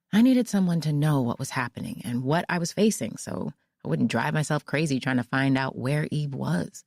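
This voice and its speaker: A woman narrating a mystery audiobook in the first person, with measured storytelling. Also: low voice, darkish tone, no room sound, clean studio sound.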